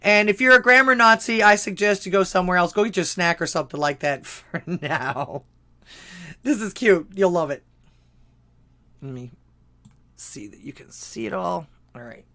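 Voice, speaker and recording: A man's voice: high-pitched, expressive, moderate pace, pauses often, bright, forceful tone. A man with a Texan accent hosting a call-in talk show, rambling and correcting himself as he gives his opinions. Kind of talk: casual solo commentary.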